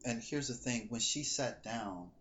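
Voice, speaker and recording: A man's voice: mid-range voice, measured pace, lo-fi sound. A man co-hosting a casual podcast as a psychic reader, telling stories animatedly and acting out what people said. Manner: animated storytelling, acts out quoted dialogue. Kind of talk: casual chat, storytelling.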